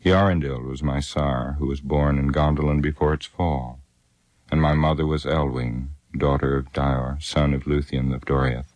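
A man voicing an ancient, sorrowful elf lord who speaks gravely and solemnly in an audiobook reading. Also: rumbling low, steady tone, normal speed, darkish tone, dry recording.

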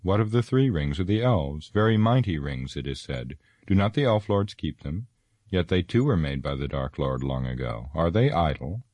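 Guy doing a gruff proud dwarf, blunt and pushy, low voice, dry sound. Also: expressive, moderate pace, darkish tone, no room sound. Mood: urgent.

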